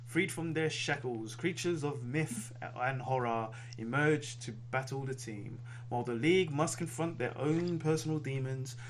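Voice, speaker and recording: Relaxed man reading comic listings. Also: mid-range voice, normal speed, few pauses, a little hiss or hum. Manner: stumbles through reading, relaxed. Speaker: podcast host reading comic news. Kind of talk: casual chat and reading listings.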